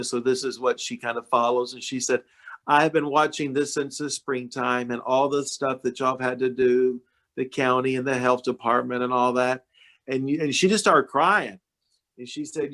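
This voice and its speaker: A man's voice: medium pitch, fairly even intonation, moderate pace. A man, speaking to a club meeting over a video call in a folksy, storytelling way while recovering from illness. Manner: folksy, storytelling, warm-hearted address. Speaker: county judge guest speaker. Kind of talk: casual talk to a club meeting.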